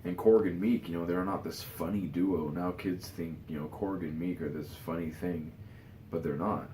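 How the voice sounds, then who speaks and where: His deep, mellow voice holds a steady tone at a moderate pace as he tiredly rambles through casual vlog opinions, dotted with "you know" and restarts. The sound is roomy, with a little hiss or hum.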